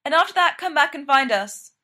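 A woman's voice: a little high, expressive, brisk, bright, forceful tone. A woman voicing a terse, commanding young male tech founder in a clipped, blunt way. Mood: curt.

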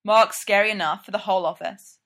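A woman voicing a steady, dry young businessman friend, calm and wry. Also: mid-range voice, fairly quick, lightly acted.

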